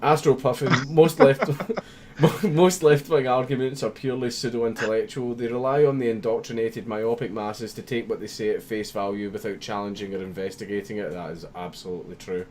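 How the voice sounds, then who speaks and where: A man's voice: medium pitch, fairly even intonation, brisk, darkish tone, slight background noise. A young man hosting a livestream, reading viewer messages aloud with constant swearing and frequent laughter. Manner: swears constantly, laughs often, mock-reads comments. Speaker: livestream host.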